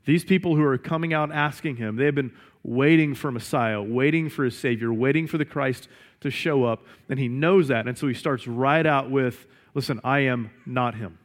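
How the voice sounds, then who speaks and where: A man's voice: medium pitch, normal speed. A man preaching a sermon, reading scripture aloud, explaining it and asking his listeners rhetorical questions. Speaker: pastor.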